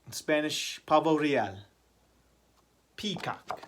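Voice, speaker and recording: Male ESL teacher, slightly high voice, very slow and deliberate, drills vocabulary with easy questions. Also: animated, a little hiss or hum. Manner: repeats key words and asks the class simple questions. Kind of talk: slow vocabulary lesson for language learners.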